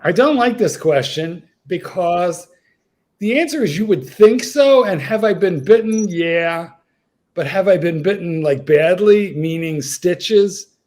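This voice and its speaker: A man's voice: high-pitched, lively intonation, unhurried, background noise. A man, a dog trainer, chatting on a livestream panel over a video call, telling stories in a rambling way with many restarts. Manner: rambling, storytelling, frequent restarts. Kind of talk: casual panel chat.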